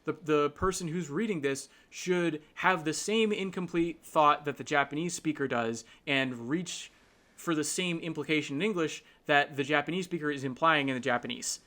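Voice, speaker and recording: Bright-voiced man explaining at length. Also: on the high side, moderate pace. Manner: keeps checking in with tag questions; thinks aloud with restarts and fillers. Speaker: host. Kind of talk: casual explanatory commentary.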